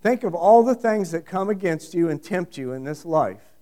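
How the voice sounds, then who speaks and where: A man's voice: sits high, expressive, moderate pace, mellow. A middle-aged man preaching a sermon, emphatic and repetitive, asking the congregation questions. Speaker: pastor.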